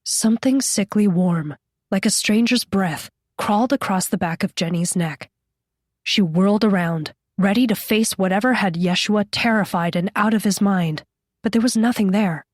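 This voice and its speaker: A woman narrates a horror audiobook at a middle pitch. Her steady, measured reading sits in a dry, close recording with no room sound. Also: no echo. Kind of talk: scripted narration.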